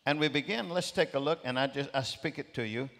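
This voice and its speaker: A man's voice: medium pitch, fairly quick, creaky, a bit bright. An emphatic male preacher delivers a sermon in a mid-range voice, circling back to his key phrases. His words ring through the long reverb of a large church auditorium. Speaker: guest preacher.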